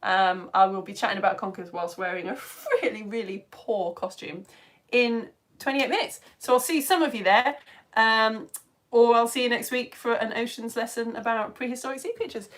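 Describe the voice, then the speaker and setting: A woman hosts a live science lesson for families, her voice sitting a little high. She is chatty and excitable, greeting viewers by name between explanations. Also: moderate pace. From United Kingdom. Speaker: home education science presenter. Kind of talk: live-streamed lesson and viewer shout-outs.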